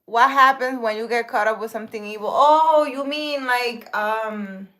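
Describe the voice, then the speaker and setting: Woman spiritual healer, fairly high voice, rambling casual chat to viewers, lots of fillers and restarts. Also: normal speed, pushed and bright. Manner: reads viewer comments aloud and answers them.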